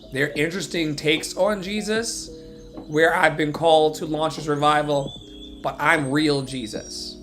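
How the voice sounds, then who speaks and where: A man's voice: fairly high pitch, fairly bright tone. A man giving an impassioned motivational talk as a life coach, preachy and emphatic, repeating lines for emphasis. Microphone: phone or webcam livestream.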